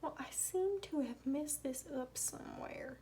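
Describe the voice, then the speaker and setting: A woman with a Southern US accent talks through her budget in a casual vlog, counting bills aloud and sometimes murmuring tallies under her breath. Her high-pitched voice is mellow and unhurried with lively intonation, against slight background noise.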